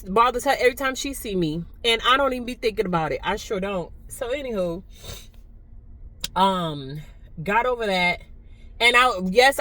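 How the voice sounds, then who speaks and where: A middle-aged woman chatting casually in a vlog, nonchalant and talkative, dropping into hushed asides and then speaking up again, recorded on a phone while riding a bus. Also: medium pitch, dry recording, low-quality recording. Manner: nonchalant, chatty, drifts between hushed asides and louder telling. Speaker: vlogger.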